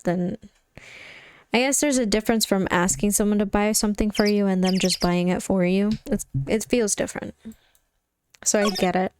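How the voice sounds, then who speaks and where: A woman's voice: moderate pace, background noise, lightly acted. A woman doing Phoenix, a weary lawyer. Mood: deadpan. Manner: flat, sarcastic, lower voice. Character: dry, weary young male lawyer. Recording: game music playing behind.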